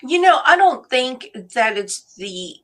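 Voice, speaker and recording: A woman with a bright, clear voice hosts a relaxed chat, taking her time with each thought. She rambles from topic to topic and laughs often. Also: high voice, slow. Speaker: host. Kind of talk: casual livestream chat.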